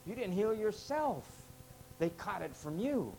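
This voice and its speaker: A man's voice: sits high, sing-song, measured pace, vocal fry, warm tone, a little hiss or hum, poor audio. A man preaching a sermon to a congregation, emphatic and full of rhetorical questions. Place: church with parking lot.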